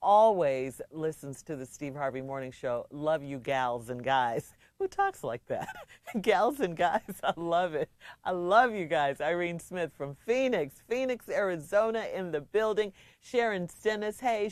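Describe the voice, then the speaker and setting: A middle-aged woman from Chicago co-hosting a radio show, chatting playfully with laughs, reading listener shout-outs and an advice letter. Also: lowish voice, no room sound. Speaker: radio co-host giving advice. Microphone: studio microphone.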